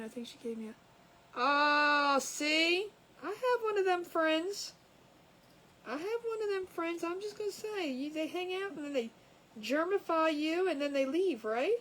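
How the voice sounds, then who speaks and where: A woman with a high voice chats casually to viewers as she crafts, often laughing at her own jokes. She hosts a crafting livestream, with a camera over her crafting table and poor audio.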